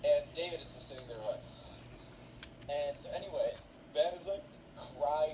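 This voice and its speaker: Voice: mid-range voice, moderate pace, background noise. A storyteller telling a funny story in a rambling, casual way, full of fillers.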